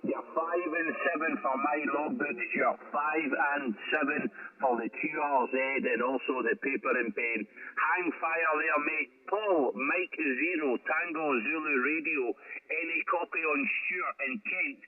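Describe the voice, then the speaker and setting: A man's voice: on the high side, measured pace, crowd noise. A man chatting and joking on a ham radio contact, reading out call signs. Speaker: amateur radio operator. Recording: distant phone-like radio audio with background noise.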